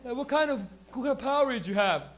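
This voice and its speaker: A man's voice: very high voice, animated, fast talker, background noise. A young man hosting a stand-up comedy show, rambling and giggling through stoned banter with a live crowd. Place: small comedy stage with live audience.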